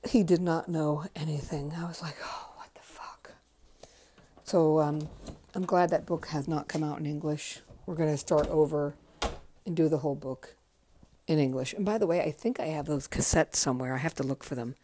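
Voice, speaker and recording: A woman's voice: low voice, fairly even intonation, a little fast, dark tone, a little hiss or hum. A tired middle-aged woman hosting her own podcast, talking candidly and rambling, with plenty of swearing and ums. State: tired, yawning. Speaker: podcast host. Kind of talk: casual solo podcast chat.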